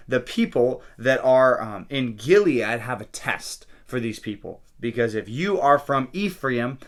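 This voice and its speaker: A man's voice: mid-range voice, a bit bright. A man, a pastor, casually talking through a daily Bible reading and often checking in with listeners with "okay?" and "right?". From California.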